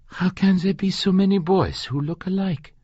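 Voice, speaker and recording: A man's voice: high voice, normal speed, darkish tone, slightly rough, no room sound, highs cut off, pitched above the performer's own voice. A man voicing a worried woman secretary who asks anxious questions, in an audiobook.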